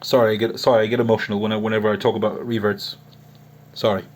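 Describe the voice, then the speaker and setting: A man's voice: fairly low pitch, flat delivery, fast. A man addressing a critic in an unscripted online monologue, earnest and emotional, often restarting his sentences. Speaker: online Islamic preacher and chat-room admin.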